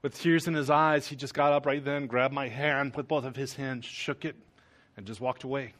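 A man's voice: mid-range voice, fairly even intonation, moderate pace, a bit bright. Pastor guy, sermon, just talking it through earnest and easy, mid voice. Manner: conversational, earnest storytelling. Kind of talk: sermon with personal story.

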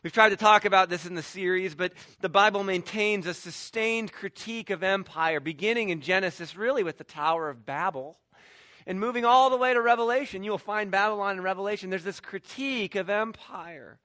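A man's voice: sits high, pushed and bright, dry recording, clean studio sound. A man preaching a sermon as pastor, emphatic, with restarts and quoted asides.

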